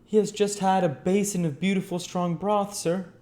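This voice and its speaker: A man's voice: fairly high pitch, very animated, moderate pace, warm tone, pitched above the performer's own voice. A man voicing a proud, prim elderly housekeeper in a storybook reading. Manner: prim, dignified emphasis.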